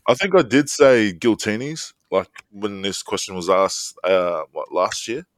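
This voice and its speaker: A man, co-hosting a podcast and telling stories in a jokey, animated way. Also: on the low side, measured pace, no room sound. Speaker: podcast co-host. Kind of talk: casual chat.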